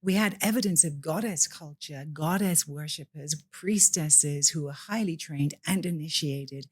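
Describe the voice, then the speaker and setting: A woman's voice: low voice, a little slow, breathy edge, no echo, studio quality. A woman from the UK, a priestess guest in a podcast interview, speaking in an impassioned, preacher-like way.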